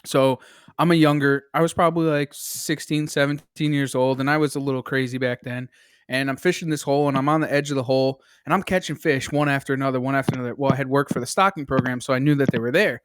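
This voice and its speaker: A man's voice: medium pitch, steady tone, fast, clean tone, no echo. A man from Connecticut telling a rowdy story in a casual chat, cussing and calling everyone dude. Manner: rowdy, profane, calls people dude.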